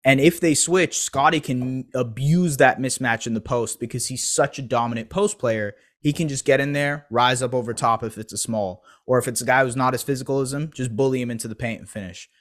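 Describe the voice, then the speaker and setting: A man's voice: medium pitch, fairly quick, few pauses, a bit bright. A man recapping a basketball game alone, talking in a loose, analytical, casual way. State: eating pizza while talking. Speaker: basketball podcast host. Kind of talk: solo game recap commentary.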